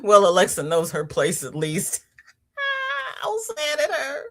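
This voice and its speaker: A woman's voice: wildly swooping pitch, unhurried, a bit bright. A woman hosting a crochet livestream, chatting casually, greeting viewers by name and reading their comments aloud. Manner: leisurely, chatty, with pitch jumps on greetings.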